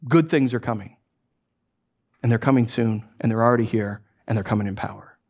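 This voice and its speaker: A man's voice: mid-range voice, fairly quick, highs cut off. A middle-aged man preaching a sermon as pastor, telling stories with lots of restarts and acted-out asides. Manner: animated storytelling with many restarts and acted asides.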